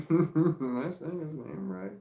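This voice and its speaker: A middle-aged vlogger in an echoey room tells a rambling, casual story, often laughing in the middle of sentences. His voice is fairly high-pitched, gravelly and mellow, and he speaks slowly.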